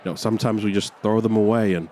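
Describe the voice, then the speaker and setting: Rambling low-voiced man doing stand-up. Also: fairly even intonation, fast talker, mellow. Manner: rambling, mock-somber, sighing between lines. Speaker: stand-up comedian. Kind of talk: deadpan stand-up set. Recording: faint crowd and street noise.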